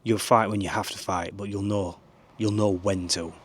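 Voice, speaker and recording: A man's voice: fairly low pitch, fairly even intonation, moderate pace, a little hiss or hum. A man giving rambling, earnest life advice to camera from a small camper van. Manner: rambling, earnest, swears now and then. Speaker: vlogger. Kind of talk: casual advice talk to camera.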